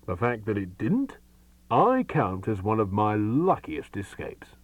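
A pompous, rambling great detective, as the narrator puts him on, holding forth slowly in a raised, lively voice that drops to a whisper now and then. Heard from a little distance in a dry room. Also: male voice, on the low side, no room sound, lo-fi sound, heavily acted.

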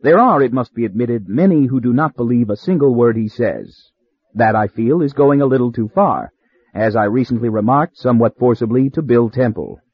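A man narrating a story in a measured, wry way, with a husky voice. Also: medium pitch, animated. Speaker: audiobook narrator. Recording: slightly dull dry recording.

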